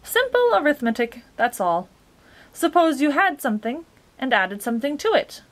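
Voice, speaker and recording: Chirpy shape-creature, lectures brightly, a woman reading it, very animated. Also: high-pitched, normal speed, pitched above the performer's own voice. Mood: lecturing. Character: cheerful many-faced male dodecahedron.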